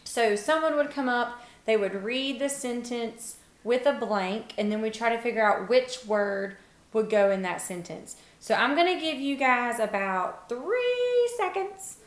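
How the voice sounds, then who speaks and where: A woman teacher giving a phonics lesson to young children, encouraging and sounding out words with pauses. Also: fairly high pitch, animated. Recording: echoey room.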